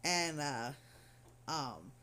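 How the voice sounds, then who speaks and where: A woman's voice: deep voice, expressive, very slow, pushed and bright, slight background noise. A middle-aged woman craft vlogger telling a story in casual, rambling chat full of fillers and asides.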